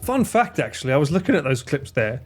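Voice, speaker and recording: Lively, jokey male streamer. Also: mid-range voice, fast talker, faint music behind. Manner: jokey, animated, swears freely. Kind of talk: casual live-stream chat while gaming.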